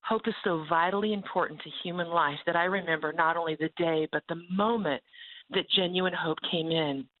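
A woman who runs a ranch ministry, telling a faith testimony in an animated way and acting out the voices of the people in her story. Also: fairly low pitch, a little fast. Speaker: ranch ministry leader and speaker. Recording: tinny phone-like sound.

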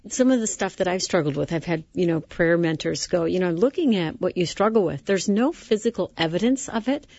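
Woman talk show host, husky, reflective, dull lo-fi broadcast sound. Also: fairly low pitch, animated, a little fast, dry recording. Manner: warm, reflective, quotes scripture.

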